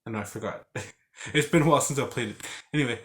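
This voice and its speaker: A fast-talking game reviewer with a middle-pitched voice gives a casual, rambling recap of a video game's story, full of fillers and false starts. Every so often he acts out the characters through growls, grunts and sound effects.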